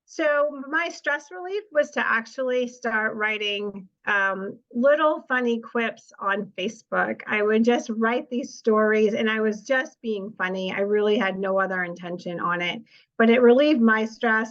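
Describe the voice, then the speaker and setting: Woman presenting with slides, chatty, acts out quotes, muffled lo-fi sound. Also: on the high side. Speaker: author and speaker.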